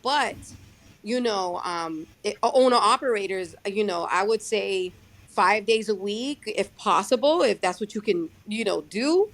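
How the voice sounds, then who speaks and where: A young adult woman who drives her own truck, talking casually in a podcast interview, halting and restarting her sentences often. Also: medium pitch, a bit bright. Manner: halting, many restarts and fillers. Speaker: guest, owner-operator truck driver.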